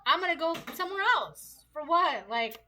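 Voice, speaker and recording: A woman's voice: very high-pitched, expressive, moderate pace, bright, forceful tone, slight background noise, low-quality recording. A woman giving a casual tarot reading to her viewers, chatty and repetitive, often asking rhetorical questions. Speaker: tarot reader.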